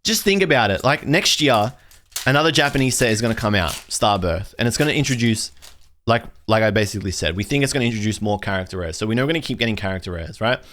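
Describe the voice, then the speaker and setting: A man's voice: lowish voice, lively intonation, fast, a bit bright. A young man hosting a casual pack-opening video, ranting in an exasperated, rambling way with frequent restarts. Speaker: card collector video host.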